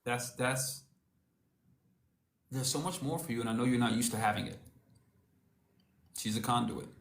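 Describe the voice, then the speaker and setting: A man's voice: medium pitch, normal speed, roomy sound. A man giving a casual motivational talk, preaching in slangy storytelling and calling the listener cousin. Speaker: motivational speaker.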